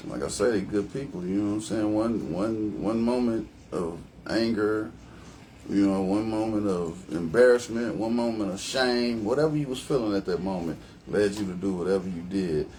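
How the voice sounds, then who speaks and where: A man with a fairly low voice talking as a guest on a live stream. He speaks in a laid-back, relaxed, casual way, with faint noise behind him. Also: normal speed, low-quality recording. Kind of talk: casual conversation.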